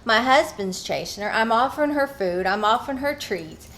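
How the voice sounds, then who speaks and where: A chatty woman vlogger rambles warmly at home, recorded on her phone. Her voice sits on the higher side. A faint hiss lies behind it. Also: expressive, normal speed. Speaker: craft vlogger. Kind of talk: casual chatty narration.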